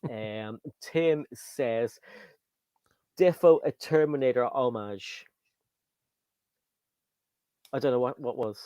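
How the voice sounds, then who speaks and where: His mid-range voice is dark in tone and slow, with frequent pauses and no room sound. A British livestream host, he rambles through a casual chat, reading out comments from viewers.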